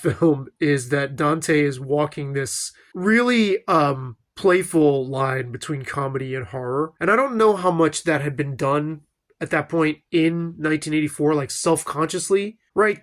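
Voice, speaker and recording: A middle-aged man talking casually through an old film review, rambling with many fillers and asides. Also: fairly high pitch. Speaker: film commentator.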